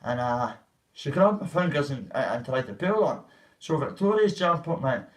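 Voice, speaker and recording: A man's voice: mid-range voice, very animated, normal speed. Male vlogger, casual profane storyteller, mid-range voice, sits back from the mic. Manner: rambling, profane, acts out quoted voices. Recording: voice a bit far from the mic.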